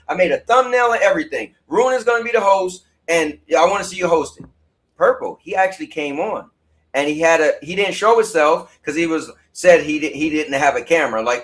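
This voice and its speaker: Animated slangy male host. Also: high-pitched, fairly quick. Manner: animated storytelling, slangy and emphatic. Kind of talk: casual livestream chat.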